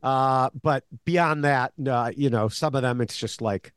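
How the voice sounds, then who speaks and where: A man's voice: medium pitch, unhurried, clear, resonant tone, dry recording. A man co-hosting a podcast, recapping episodes in casual chat with many fillers and restarts. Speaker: podcast co-host, longtime show analyst.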